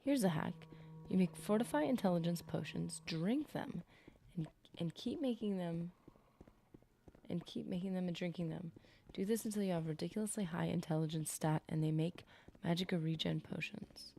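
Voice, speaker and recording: There's slight background noise as a woman with a lowish, creaky, warm voice streams herself gaming at a moderate pace. Her commentary is chatty and rambling, aimed at her viewers as she wanders between topics.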